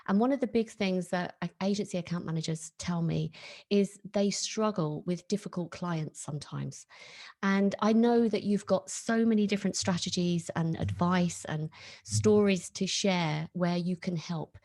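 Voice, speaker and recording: Low-voiced woman hosting an interview. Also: a little mellow. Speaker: podcast host. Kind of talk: interview questions.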